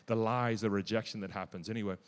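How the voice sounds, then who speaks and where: A man preaching a testimony-style sermon in a church. He is emphatic and zealous, with restarts and sudden loud bursts. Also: fairly low pitch, steady tone, fast talker, big-room sound.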